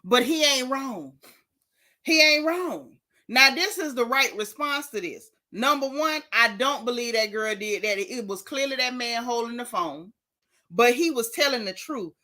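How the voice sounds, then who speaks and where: A woman's voice: fairly high pitch, expressive, unhurried, pushed and bright. A woman hosting a gossip show as a casual livestream, dramatic and theatrical, talking straight to her chat viewers. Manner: talks directly to chat viewers.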